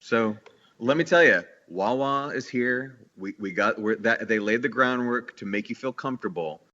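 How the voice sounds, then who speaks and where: A man's voice: mid-range voice, moderate pace, pushed and bright, highs cut off. A man from the New York area talking as a business owner in a casual podcast interview, eager and rambling with many restarts. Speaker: guest, bakery owner.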